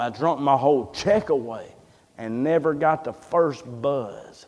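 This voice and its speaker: Unhurried and darkish in tone, a medium-pitched male preacher tells an extended story within his sermon. Playing the part of each person he quotes, he comes across as a folksy storyteller, with a long reverb from the hall.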